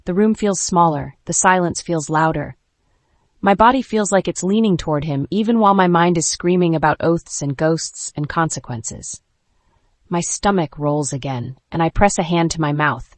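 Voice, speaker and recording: A woman narrating a first-person romance audiobook in a hushed, intimate way, recorded close and dry. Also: on the low side, moderate pace, no echo.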